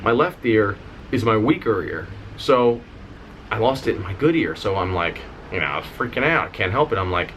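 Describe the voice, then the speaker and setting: A man with a fairly low voice tells a personal story straight to camera, in a vlog. He sounds animated and candid, swears casually and talks to his viewers as "y'all". A faint room hum sits behind him. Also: moderate pace. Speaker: vlogger, singer and dancer.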